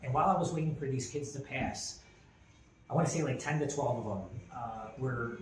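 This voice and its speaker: A man in his forties, co-hosting a podcast, tells a personal story in a mid-range voice at a slightly fast clip. The casual chat rambles and doubles back with fillers and restarts, recorded in an echoey room with a faint ambient hiss underneath.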